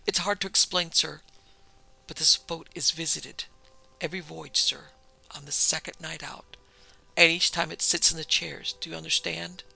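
A man's voice: fairly high pitch, fairly even intonation, normal speed, creaky, sharp tone, slightly rough, full character voice, low-quality recording. A man voicing a terrified male ship steward who pleads frantically and breathlessly. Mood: anxious.

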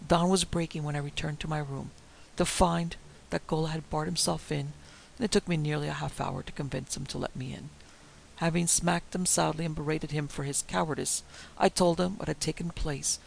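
Gravelly male audiobook narrator. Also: fairly high pitch, a little hiss or hum, poor audio. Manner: dramatic, measured storytelling.

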